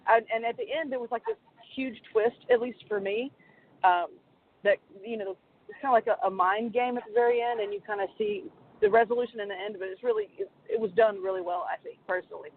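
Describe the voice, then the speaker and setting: A woman in her thirties, a podcast co-host, telling an animated, self-deprecating story in casual chat. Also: on the high side, fast. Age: 30s. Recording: tinny phone line with faint hiss.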